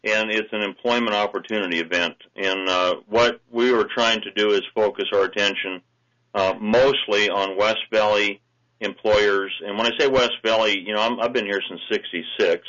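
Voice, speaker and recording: A man's voice: on the low side, fairly even intonation, moderate pace, pushed and bright, highs cut off. A man who is a state representative, speaking as a guest on a radio talk show, earnest and hesitant with many fillers. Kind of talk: phone-in radio interview.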